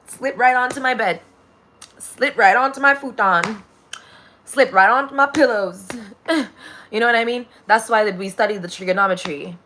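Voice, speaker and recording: A woman's voice: fairly high pitch, normal speed, bright, forceful tone, a little hiss or hum. A woman delivering a rambling, profane spiritual monologue, laughing often.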